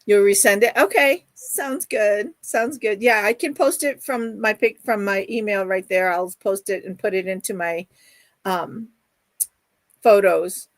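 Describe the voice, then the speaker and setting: A woman's voice: mid-range voice, unhurried, no room sound. A middle-aged woman hosting a casual livestream, chatting and reading viewer comments aloud in a gushing, affectionate way. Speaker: livestream host.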